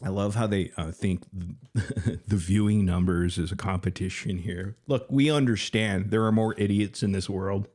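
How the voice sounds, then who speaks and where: Breathless male stream host with a deep voice and a sarcastic, taunting delivery. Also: steady tone, moderate pace, a little mellow. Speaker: livestream commentary host. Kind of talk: casual mocking commentary.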